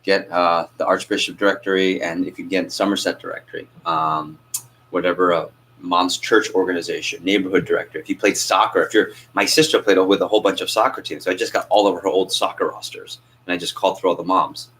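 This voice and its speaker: Male sales coach, low-pitched, lively with the group, light background hiss. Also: fast talker, low-quality recording. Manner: energetic, asks the group questions and acts out phone calls. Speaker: sales trainer. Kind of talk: coaching a training class.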